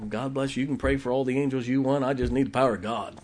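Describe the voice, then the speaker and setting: Brief: male pastor, folksy joking sermon delivery, loud exclamations. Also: medium pitch, steady tone, quick pace.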